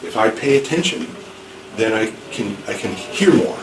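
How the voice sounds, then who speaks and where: A man teaching an English class, speaking slowly and clearly and rephrasing things so learners can follow. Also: on the low side, expressive. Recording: echoey room, distant mic, background noise.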